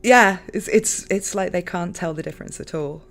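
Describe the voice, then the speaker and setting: A woman's voice: on the low side, normal speed, a crowd in the background. Woman, London accent, stream host, casual chat, laughs often, plenty of fillers. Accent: London English. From London, England.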